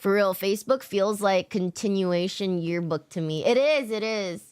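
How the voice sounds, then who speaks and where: A woman's voice: mid-range voice, normal speed, darkish tone, clear, resonant tone. A young adult woman streamer chatting casually with her chat, laid-back, swearing often and laughing a lot. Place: home streaming setup.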